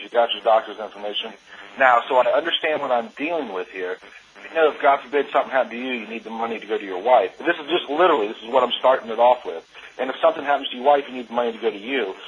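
A man who sells insurance races through how his home visits go. He talks quickly and with energy, leaning on "I mean" and "you know". The sound is dull and lo-fi, like a call line. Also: mid-range voice, slight background noise. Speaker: insurance agent. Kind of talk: casual call describing field work.

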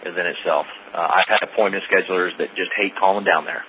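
Low-voiced upbeat man hosting a call. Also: fairly even intonation, fast talker, sharp tone, dull audio, slight background noise. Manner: upbeat, praising, frequent "uh" fillers. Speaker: host of a sales team call. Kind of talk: casual team call hosting.

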